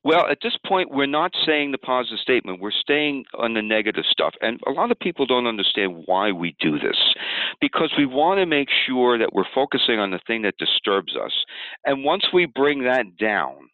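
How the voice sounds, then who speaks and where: Man, tapping instructor, calm explanatory walkthrough, lively pitch, tinny dry phone-like sound. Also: dry recording. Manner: calm, explanatory, acts out upset self-talk while tapping. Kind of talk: demonstration walkthrough.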